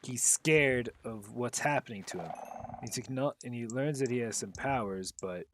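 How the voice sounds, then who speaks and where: A man's voice: medium pitch, normal speed, slight background noise. Rambling casual male gaming commentator. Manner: rambling, loose, with fillers and swearing. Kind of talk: casual commentary while playing.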